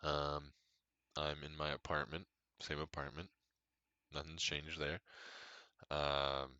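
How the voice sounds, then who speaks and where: A young man hosts his own podcast from his apartment. His voice sits extremely low but has a bright, forceful edge. He rambles in a candid, self-deprecating way, full of fillers, and the sound is dry and close. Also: flat delivery, slow pace, clean tone, no echo, dull audio. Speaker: podcast host. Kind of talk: casual solo podcast chat.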